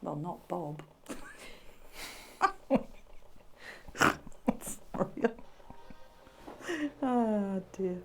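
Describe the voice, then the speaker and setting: A woman's voice: mid-range voice, lively intonation, drawn-out words, vocal fry, long pauses, a little mellow, soft background music. A woman chatting and joking during a ghost hunt inside an old jail, laughing easily. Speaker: paranormal investigator.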